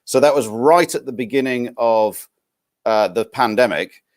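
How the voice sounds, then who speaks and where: A man from northern England, speaking with a Northern English accent in a mid-range, unhurried voice, appears as a guest expert on a casual live stream. He chats about tax rules, frequently restarting his sentences as he explains.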